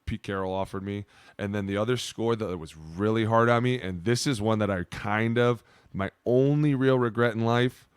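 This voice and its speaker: A man in his thirties, a podcast co-host telling stories in a loose, profane, animated way. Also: lowish voice, normal speed, smooth, no echo. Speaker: podcast co-host, former player. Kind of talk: casual storytelling chat.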